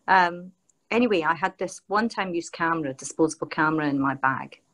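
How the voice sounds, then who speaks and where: A Scottish woman with a fairly low-pitched voice, telling a long anecdote in a lively, rambling way. She fills her speech with "like" and "you know" as she tells the story as a podcast guest. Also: brisk. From Scotland. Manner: animated, rambling anecdote with many fillers. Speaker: guest, author and broadcaster.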